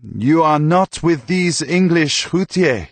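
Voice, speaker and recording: A man voicing a stern, suspicious village priest who speaks slowly in halting phrases. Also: a little high, lively intonation, no room sound, pitched above the performer's own voice. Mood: stern, questioning.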